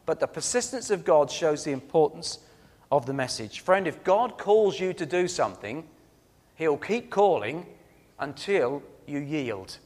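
A man delivers a sermon with a somewhat high voice, telling stories earnestly and leaning hard on key words before dropping soft. His voice rings out with the long reverb of a church hall. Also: animated, measured pace. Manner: earnest, storytelling, emphatic swings between loud and soft. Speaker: preacher.

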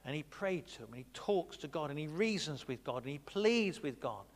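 Preacher in a reverberant hall. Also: male voice, on the high side, lively intonation, normal speed. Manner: conversational, asks the congregation questions. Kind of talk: Bible study sermon.

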